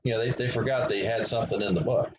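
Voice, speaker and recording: A man co-hosting a podcast over a video call, chatting casually in a relaxed, matter-of-fact way. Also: lowish voice, very fast, a little hiss or hum. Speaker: podcast co-host. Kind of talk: casual chat. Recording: muffled video call audio.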